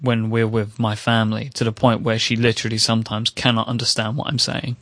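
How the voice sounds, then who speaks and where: A man's voice: lowish voice, monotone, brisk, a bit bright, no room sound. A man from England chatting on a podcast, choosing his words carefully and sometimes stumbling over them. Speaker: podcast co-host. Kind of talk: casual chat.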